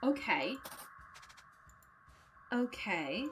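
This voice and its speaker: A high-pitched woman commenting on a puzzle game, reading clues aloud and thinking things through as she goes. She laughs easily between her musings. Faint game music runs quietly underneath. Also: lively intonation, slow, long pauses. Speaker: let's play host.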